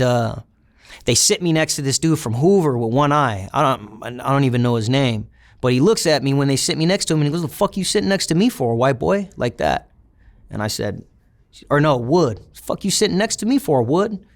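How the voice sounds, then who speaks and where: Blunt-talking man telling a prison story. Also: mid-range voice. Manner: blunt, swears freely, many fillers. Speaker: interviewee. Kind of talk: casual storytelling interview.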